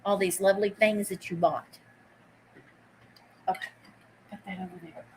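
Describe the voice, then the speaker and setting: A woman's voice: medium pitch, steady tone, normal speed, noisy background. A woman hosting a live online vintage sale. She chats casually, greets viewers by name while she takes bids, and drops easy asides. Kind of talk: live-stream auction chat.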